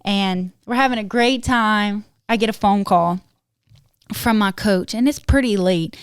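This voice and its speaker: A woman in her twenties hosting a podcast, telling a personal story in a lively, animated way and laughing often. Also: mid-range voice, measured pace, clear, resonant tone, no echo, studio quality. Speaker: podcast host. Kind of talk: casual storytelling chat.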